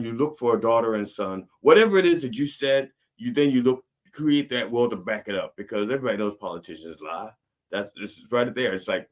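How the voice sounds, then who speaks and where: A man hosting a comedic sermon-style show, talking in a sardonic, rambling, digressive way. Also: mid-range voice. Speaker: host and preacher.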